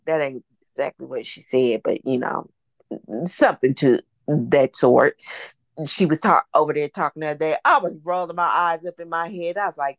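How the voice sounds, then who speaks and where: A woman talks fast and loose in a casual gossip chat, her voice leaping up high and dropping low as she acts out what others said. Her pitch moves all over the place. The sound is dry and close, with no room around it. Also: no echo. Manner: animated, swoops up into high quoted asides. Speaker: host.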